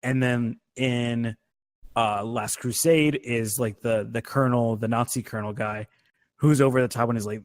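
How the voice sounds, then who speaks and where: A man's voice: medium pitch, fairly even intonation, moderate pace, no echo. A man co-hosting a movie podcast in casual chat, rambling with lots of fillers and swearing freely. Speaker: podcast co-host.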